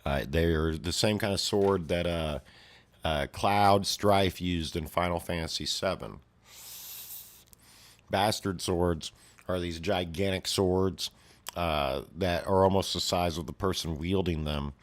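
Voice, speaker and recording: A man's voice: low voice, takes it slowly. A man casually retelling a violent comic story, swearing freely and filling it with sound effects. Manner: profane, full of sound effects.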